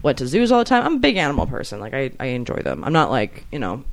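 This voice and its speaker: A comedy podcast co-host in casual chat, excitable and rambling with many fillers. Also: medium pitch, fast talker.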